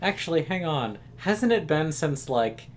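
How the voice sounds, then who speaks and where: A man co-hosting a game stream, reading viewer messages aloud in a relaxed, halting way. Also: on the high side. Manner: reads chat messages aloud, hesitant fillers. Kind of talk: casual let's play chat.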